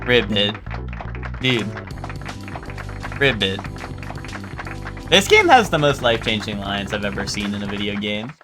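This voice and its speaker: A man's voice: fairly low pitch, very animated, fairly quick, hardly any pauses, music in the background. A young man streaming a game live, talking in a rambling, casual way with lots of swearing and "like". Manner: rambling, swears a lot, full of "like".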